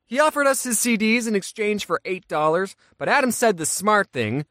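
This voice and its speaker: A man's voice: high voice, expressive, moderate pace, few pauses, a bit bright, no room sound, clean studio sound. A young adult man, a YouTuber, telling a comic storytime in a wry, self-mocking way. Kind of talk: animated storytime.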